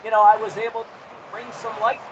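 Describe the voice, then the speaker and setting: Earnest high-voiced man, lo-fi recording. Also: a little fast. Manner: earnest, rambling, repeats words when starting sentences. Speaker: guest, author and adventurer. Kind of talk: faith-driven storytelling interview. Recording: dull lo-fi audio with steady background noise.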